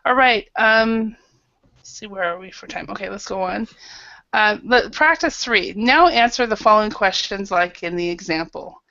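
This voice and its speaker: A woman's voice: mid-range voice, normal speed, bright, forceful tone, no room sound, highs cut off. Patient woman teaching English online. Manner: patient, calls on students by name.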